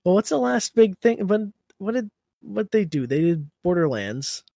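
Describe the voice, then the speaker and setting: A man's voice: high voice, sing-song, normal speed, creaky, warm tone, no echo. A young man co-hosting a podcast in casual chat, rambling and laughing as he restarts his sentences. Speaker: podcast co-host.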